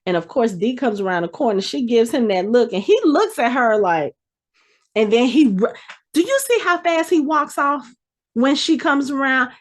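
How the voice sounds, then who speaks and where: A woman with a higher voice and normal speaking speed hosts a podcast recapping a TV episode. The chat is casual, and she plays out the characters' lines in a lively, playful way.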